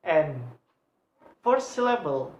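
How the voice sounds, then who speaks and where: A young woman with an Indonesian accent talks through a lesson on word stress at a very slow, halting pace, saying each example word again and again. Her voice sits somewhat low. The recording carries a noticeable room echo. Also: sing-song, a little mellow. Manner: halting, repeats example words many times. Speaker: English education student presenting a lesson. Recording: echoey room.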